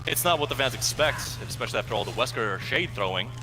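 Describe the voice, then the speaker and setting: A man's voice: mid-range voice, lively intonation, fast talker, bright, forceful tone, slight background noise. A man co-hosting a gameplay video, talking in a musing, analytical, wordy way. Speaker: co-host gaming commentator. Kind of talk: casual gameplay chat.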